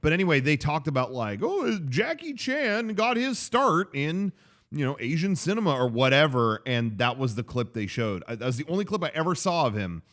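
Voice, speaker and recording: Man chatting with a lively, swinging voice. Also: mid-range voice, fast talker, few pauses. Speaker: podcast co-host. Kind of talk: casual movie podcast chat.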